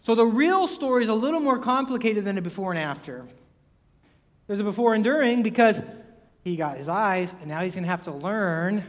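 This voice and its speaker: A man's voice: high voice, lively intonation, brisk, big-room sound. A man preaching a sermon in a conversational way, full of rhetorical questions and acted-out quotes.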